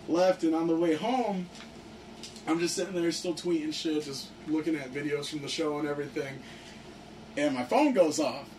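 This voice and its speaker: Excitable young man, distant mic. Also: on the high side. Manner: excited, profane, heavy use of "like". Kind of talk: casual storytelling among friends. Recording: distant mic with faint background noise.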